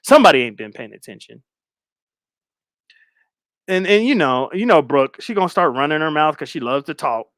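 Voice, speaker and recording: Profane joking man, higher voice. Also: big pitch swings, moderate pace, pauses often, fairly bright tone, dry recording, studio quality. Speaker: streamer host. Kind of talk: casual profane reaction commentary.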